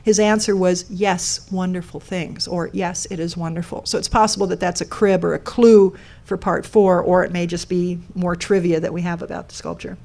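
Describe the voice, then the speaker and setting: A woman's voice: on the low side, flat delivery, moderate pace, vocal fry, a little mellow. Woman presenter, explanatory, questions to the room, live talk. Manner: explanatory, asks the audience questions. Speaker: speaker giving a talk on a code sculpture. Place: lecture room with an audience.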